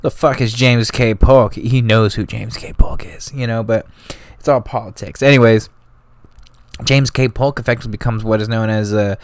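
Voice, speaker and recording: A man's voice: on the low side, fairly even intonation, normal speed, smooth, no room sound. A man hosting a history podcast, telling it in loose, slangy, casual talk full of asides. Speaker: podcast host.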